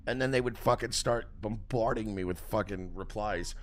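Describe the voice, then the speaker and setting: A man hosting a livestream, telling a story in a profane, animated rant. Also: on the low side, moderate pace, hardly any pauses. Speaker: host.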